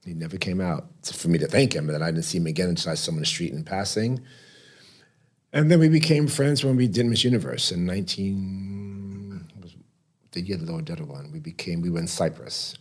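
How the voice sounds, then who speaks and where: A man guest on an interview podcast, telling animated stories and acting out the voices of others. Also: deep voice, a little fast, husky. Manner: animated, acts out every voice in his stories. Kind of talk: storytelling in conversation. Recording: podcast studio mic.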